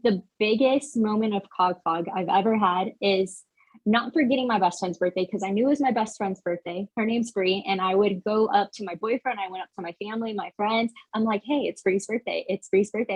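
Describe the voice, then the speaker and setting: A woman guest on a roundtable podcast, telling a story in an animated way and laughing at herself. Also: medium pitch, a little fast, breathy edge, rough recording. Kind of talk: casual storytelling.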